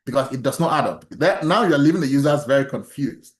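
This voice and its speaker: A male instructor lecturing an online statistics workshop. He asks his students questions, laughs softly, and often restarts his sentences. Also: medium pitch, lively intonation, fairly quick, reverberant.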